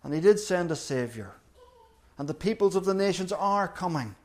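Earnest preacher man, slightly high voice. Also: animated. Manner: earnest, emphatic repetition with slow deliberate pauses. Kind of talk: sermon.

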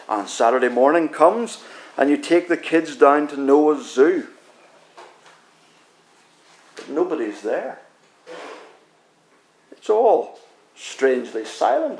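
A man preaching a sermon, telling a dramatic story in the second person that builds tension and slows down for emphasis. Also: on the high side, echoey room.

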